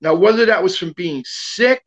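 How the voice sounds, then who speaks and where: A man's voice: high-pitched, normal speed. A man guest telling a long personal story in casual talk, rambling with lots of fillers and restarts.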